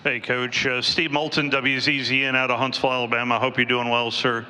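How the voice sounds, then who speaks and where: A man working as a radio sports reporter, politely asking a question at a press conference with a few halting pauses. His voice is very bright and sharp. He is heard from off-mic with a long hall reverb. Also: mid-range voice, flat delivery.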